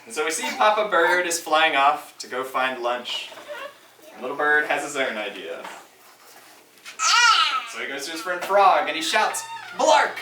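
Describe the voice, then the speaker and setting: An author reading his picture book aloud to preschoolers at a school, animated and asking the children questions. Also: on the high side, moderate pace, pauses often. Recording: echoey room, from far off, loud noise.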